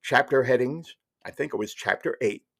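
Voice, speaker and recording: A man's voice: mid-range voice, moderate pace, vocal fry. A man in his sixties telling a wry, rambling personal story as a podcast host, with fillers and restarts along the way. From New Jersey. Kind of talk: casual storytelling monologue.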